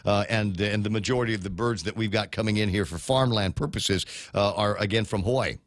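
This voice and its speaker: A man hosts a morning talk radio show, talking loosely and joking as he goes. His voice sits at an ordinary pitch and comes through a studio microphone, close and dry with no room sound. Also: brisk, dry recording. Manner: rambling, joking, conversational. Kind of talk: casual talk radio chat.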